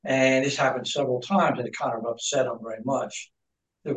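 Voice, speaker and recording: A man's voice: mid-range voice, fairly even intonation, brisk. A man in a Bible class telling a rambling anecdote to the group. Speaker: class participant. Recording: echoey, distant room sound.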